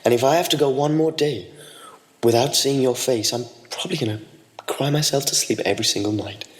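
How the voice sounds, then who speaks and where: A man's voice: mid-range voice, a little fast, close to an everyday voice. A man putting on a lovesick American guy in an echoey room. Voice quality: clumsy put-on American accent. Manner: earnest, overblown romantic monologue. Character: lovesick young American man pining for his girl. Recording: old echoey room recording with faint noise.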